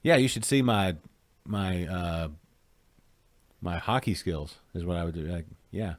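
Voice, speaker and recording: Rambling low-voiced man joking. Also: a little slow, no room sound. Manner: rambling, joking, trails off into mumbles. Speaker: podcast co-host. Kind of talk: casual chat.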